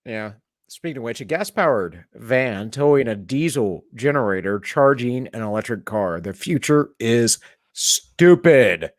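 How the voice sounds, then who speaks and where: A man's voice: medium pitch, animated, a little slow, no room sound, studio quality. Jokey man hosting a casual chat. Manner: jokey, reads chat aloud. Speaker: podcast host. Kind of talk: casual chat reading viewer messages.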